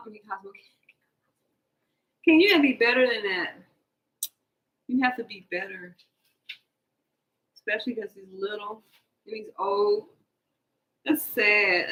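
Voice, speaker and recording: A woman giving a casual tarot reading, animated and joking, laughing often as she talks. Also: fairly high pitch, echoey room, poor audio. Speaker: tarot card reader.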